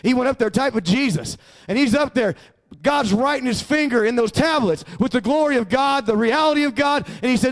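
Pastor, male, high voice, emphatic sermon delivery with call-and-response prompts to the congregation. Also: expressive, moderate pace.

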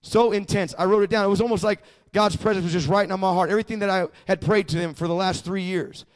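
A man's voice: sits high, fairly even intonation, fast talker. A male pastor delivering a sermon as personal testimony, talking conversationally with stammered restarts and building to fervent emphasis.

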